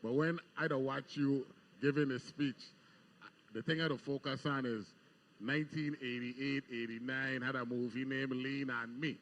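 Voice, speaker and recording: A man's voice: mid-range voice, fairly even intonation, normal speed, a bit bright, muffled recording. A man hosting a live morning talk show, chatty and full of restarts as he keeps things moving. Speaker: host. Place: outdoor deck at a live broadcast.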